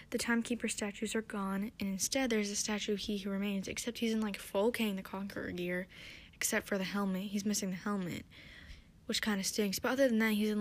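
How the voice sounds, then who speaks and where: A young woman hosting a podcast, recapping and theorizing in a chatty, excitable way with lots of fillers. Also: mid-range voice. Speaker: podcast host.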